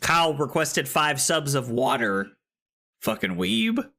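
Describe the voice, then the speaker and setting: A tipsy man hosting a card game tournament on his livestream, talking loudly and excitably, swearing freely and laughing often. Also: on the high side, slow pace, vocal fry, very noisy. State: tipsy from drinking. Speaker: streamer and tournament host. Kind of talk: casual livestream commentary. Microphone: streaming microphone.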